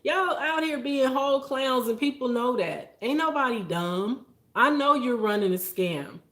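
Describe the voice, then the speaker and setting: A woman's voice: high voice, measured pace, a bit bright. A woman vlogger chatting casually to her viewers, emphatic and exasperated, laughing often. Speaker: vlogger host. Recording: echoey room.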